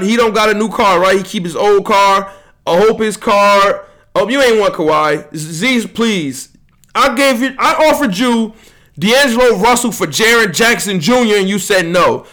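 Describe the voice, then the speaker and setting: A young man with a noticeably high voice hosts a loose podcast chat. He brags, trash-talks his friends and swears freely, and his words tumble out in quick bursts. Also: a bit bright. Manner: boastful, heated ribbing of friends, swearing. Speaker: podcast host. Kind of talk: casual trash-talking chat.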